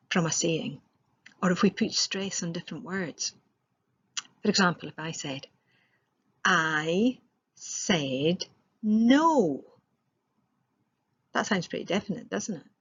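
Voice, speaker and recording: A woman's voice: on the low side, breathy edge, highs cut off. A woman giving a recorded presentation as a trainer, explaining step by step with rhetorical questions and the odd filler.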